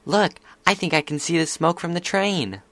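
A man's voice: a little high, animated, moderate pace, a bit bright, dry recording, pitched above the performer's own voice. A man voicing a sweet, polite young filly pony. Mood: gentle.

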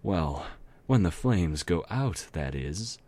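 A man's voice: deep voice, expressive, warm tone, exaggerated voice. A man doing a cruel archaic death-spirit mare. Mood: cold menacing. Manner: slow, solemn, archaic speech.

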